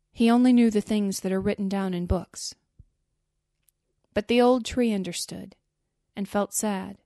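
Woman storybook narrator, gentle and clear, warm tone, dry close sound. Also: medium pitch, dry recording. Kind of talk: storybook reading.

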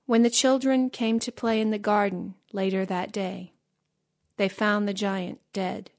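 Give me a woman reading a simple storybook slowly and clearly. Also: medium pitch, steady tone, darkish tone. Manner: slow, clear, careful reading. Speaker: narrator.

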